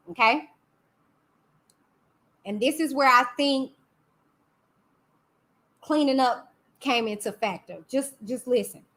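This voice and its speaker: A woman's voice: high-pitched, takes it slowly, pauses often, a bit bright. A woman hosting a casual live-stream commentary, sassy and chatty, talking back to her chat. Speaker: YouTube host.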